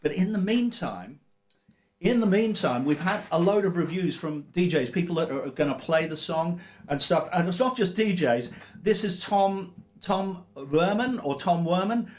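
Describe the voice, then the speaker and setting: Upbeat man hosting a casual studio livestream, slightly high voice, rambling chat. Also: expressive, normal speed. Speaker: livestream host.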